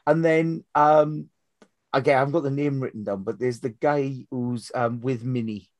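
Animated man chatting about films. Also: medium pitch, normal speed, no room sound. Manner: animated, swears casually, laughs while talking. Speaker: podcast co-host. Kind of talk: casual film discussion.

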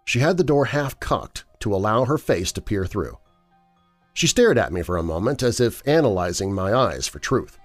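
A man narrating a first-person horror story in a measured, dramatic reading. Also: lowish voice, big pitch swings. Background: faint background music.

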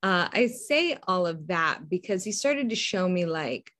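A woman's voice: fairly low pitch, very animated, a little slow, fairly bright tone. A woman hosting a faith-based podcast in a casual, rambling way, full of restarts and small laughs. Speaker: podcast host and faith coach. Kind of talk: casual solo podcast talk.

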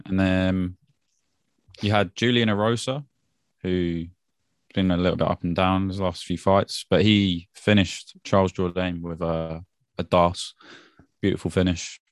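A man with a very deep voice talks through a night of fights in a relaxed, laughing way, dropping "mate" here and there. The sound is dry and close. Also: a little slow, clean tone, dry recording. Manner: laid-back, laughs often, British slang like "mate". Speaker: podcast co-host. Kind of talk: casual MMA fight recap.

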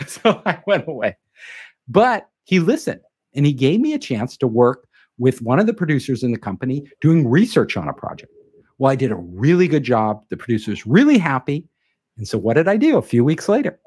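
A man telling an anecdote in a casual interview, animated and acting out the quoted dialogue. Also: medium pitch, fairly quick, husky. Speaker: guest telling a career story.

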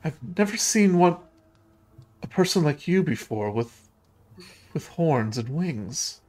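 A polite, lonely little ghost girl, as a man puts her on in a tabletop game, earnest and a bit wistful. She speaks in a voice lifted well above the performer's own, with no strong rasp or edge. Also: on the high side, very animated, takes it slowly, a little mellow, pitched above the performer's own voice. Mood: curious.

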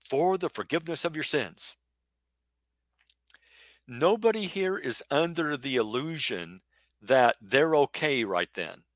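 Man, middle-aged, preacher; forceful bright tone, close dry sound, rhetorical sermon delivery. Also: medium pitch, no echo. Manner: emphatic, rhetorical, acts out imagined questions. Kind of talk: sermon-style Bible teaching.

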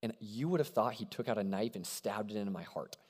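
A young adult man preaching a sermon to a college crowd, animated and conversational, often checking in with his listeners. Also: fairly low pitch, fairly quick, slightly rough. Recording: long hall reverb.

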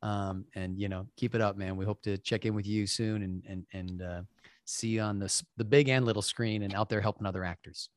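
Male podcast host, low-ish, rambling casual chat, close dry recording. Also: steady tone, brisk, dry recording. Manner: chatty, rambling with many fillers.

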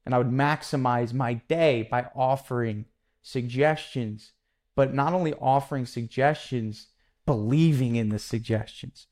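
A young adult man hosting a solo podcast, telling a sales story in a lively, casual way and acting out quick bits of dialogue. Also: mid-range voice. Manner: animated, acts out customer dialogue in quick quotes. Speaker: podcast host, painting contractor.

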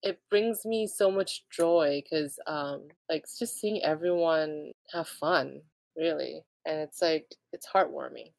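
Lower-voiced giggly woman host. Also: slow pace, creaky, few pauses, darkish tone, dry recording. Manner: bubbly, laughs often, lots of fillers. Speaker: podcast host. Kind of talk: casual chat.

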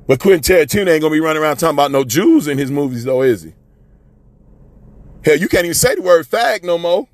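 Male radio commentator, high voice, preachy, shouts then drops low. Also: big pitch swings, fast talker, no room sound. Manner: preachy, repetitive, calls listeners "family" and "man"; swings from loud shouting to low mutters. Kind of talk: fiery street-talk commentary.

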